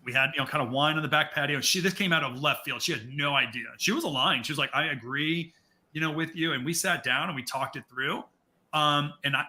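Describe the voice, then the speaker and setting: A man co-hosts a marketing podcast and tells a personal story in a loose, chatty way. His voice is strikingly bright and sits a little high for a man. He often circles back and restarts his sentences as he talks. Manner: conversational, with many restarts and asides. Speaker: podcast co-host. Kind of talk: casual storytelling chat.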